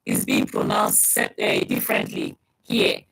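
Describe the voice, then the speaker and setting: A man with a strong accent talks through casual advice, repeating his points and addressing the listener directly. His voice is extremely low and gravelly, with a husky edge. His pitch swings widely as he makes each point. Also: huge pitch swings, measured pace, fairly bright tone, rough recording. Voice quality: strong accent he describes himself. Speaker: vlogger giving advice on moving abroad.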